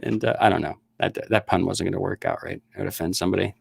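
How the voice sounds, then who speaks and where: Snake-breeder livestream host, middle-aged man, low-pitched voice, stammery and chatty, dry home recording. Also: steady tone, fast talker, creaky, slightly rough, dry recording. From Upper Peninsula of Michigan. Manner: laughing, chatty, stammering restarts. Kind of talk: casual livestream chat with viewers.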